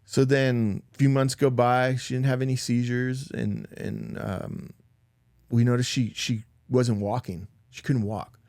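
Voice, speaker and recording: A man with a mid-range, gravelly, darkish voice speaks unhurriedly in a level tone, recorded in a clean studio with no room sound. Guesting on a podcast, he tells a personal story loosely and ramblingly, saying "like" and "dude" a lot and voicing quotes louder.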